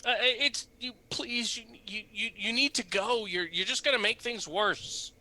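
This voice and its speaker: A man's voice: high voice, normal speed, pushed and bright, pitched above the performer's own voice. A man voicing a frightened village priest who stammers and begs. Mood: pleading. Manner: stammering and begging.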